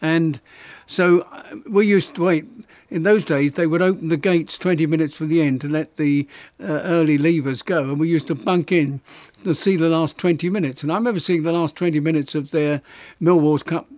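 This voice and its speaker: Halting elderly man reminiscing. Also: on the high side, steady tone, darkish tone. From London, England. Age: 90s; older. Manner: halting, reflective, many restarts and fillers. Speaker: interviewee, retired architect. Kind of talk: reminiscing interview.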